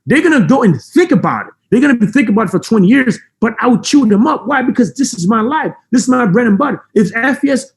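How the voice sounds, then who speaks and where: High-voiced intense motivational speaker man. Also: expressive, gravelly. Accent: non-native English. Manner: intense, emphatic, fast-talking. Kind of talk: high-energy motivational talk. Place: room with a camera.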